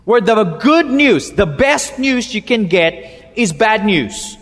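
A male pastor preaching a sermon in a church, emphatic and halting with repeats, slowing and dropping low on key words. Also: big pitch swings, a bit bright, long reverb tail.

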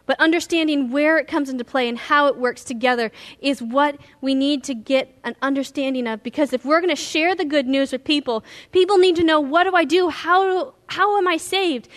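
Woman pastor, earnest and emphatic sermon, high pitch, storyteller. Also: fairly bright tone.

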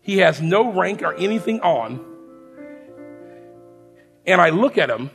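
A man preaching a testimony as a lively story, speaking to the congregation as friends. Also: high voice, a little slow, vocal fry, faint music behind. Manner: animated storyteller, shouts the sergeant's lines. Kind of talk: sermon storytelling.

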